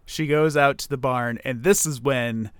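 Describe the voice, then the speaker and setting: Smooth-voiced man recapping a movie. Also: medium pitch, measured pace, fairly bright tone, no echo. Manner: laughs often, recaps the plot with dry sarcasm. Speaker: podcast co-host. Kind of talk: casual movie review chat.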